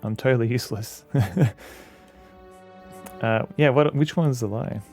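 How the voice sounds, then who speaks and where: Male streamer, casual rambling game chat, creaky voice, mid pitch. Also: measured pace, a little mellow, soft background music. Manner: chatty, rambling, answers chat. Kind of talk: casual gameplay commentary.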